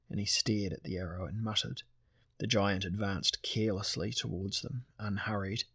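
A man narrating a fantasy audiobook in a steady, measured way. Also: on the low side, vocal fry, breathy edge, no room sound.

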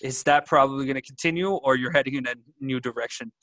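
A man's voice: mid-range voice, fast, a bit bright. A man hosting a podcast, teasing his co-hosts in casual banter. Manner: laughing, teasing. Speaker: podcast host.

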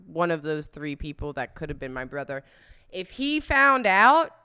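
A woman's voice: low-pitched, very animated, moderate pace, pushed and bright, clear, resonant tone. A young woman hosting a podcast, telling stories in a candid, chatty way and often laughing. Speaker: podcast host. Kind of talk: casual confessional storytelling.

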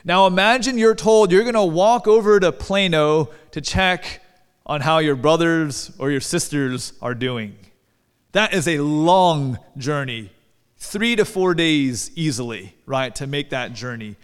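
A man's voice: on the high side, measured pace, smooth. A man preaching a sermon in a church, conversational and asking the congregation questions. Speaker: pastor. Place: church sanctuary. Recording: long hall reverb.

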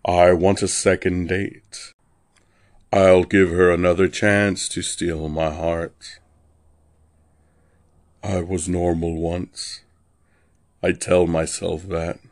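A man narrating a dark first-person story in a wry, deadpan way. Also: low-pitched, slow pace, pauses often, dry recording, clean studio sound.

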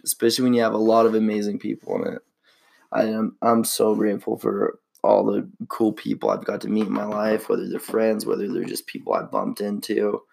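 A man's voice: lowish voice, gravelly. A young man hosting a casual solo podcast, laid-back and slangy, reflecting on his life. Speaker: podcast host.

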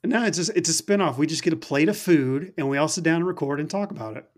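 A man from Alabama, chatting on a podcast and telling stories in halting, restarting bursts. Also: fairly high pitch. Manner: halting, stammering storyteller. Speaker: podcast co-host. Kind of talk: casual podcast chat.

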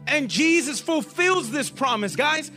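A man preaching a sermon to a group, animated and often asking them questions. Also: very high voice, a little slow, soft background music.

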